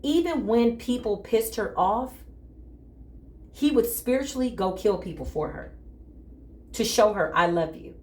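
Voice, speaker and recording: A woman's voice: on the high side, expressive, measured pace, pauses often, a little mellow, roomy sound. A woman giving a dramatic spiritual tarot reading, talking straight to her viewers in an emphatic, casual way. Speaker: tarot reader.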